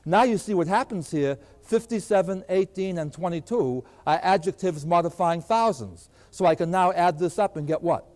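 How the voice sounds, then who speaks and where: Standing at the board, an elderly math teacher works through arithmetic, posing his own questions and then answering them. He speaks in a high voice with a darkish tone, at normal speed with few pauses. The lecture recording echoes with long hall reverb.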